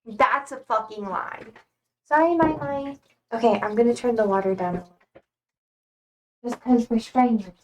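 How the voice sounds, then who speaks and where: A woman's voice: fairly high pitch, normal speed, pauses often, darkish tone, slight background noise. A young woman chatting casually on a live stream, rambling and emotional, often close to tears. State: tearful, trying not to cry. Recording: speaking from a distance to the mic.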